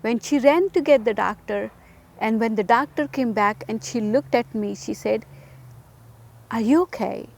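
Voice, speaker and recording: A woman's voice: on the high side, moderate pace, gravelly. A woman giving an emotional personal testimony, talking earnestly to the listener and repeating phrases for emphasis. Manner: direct address to the listener.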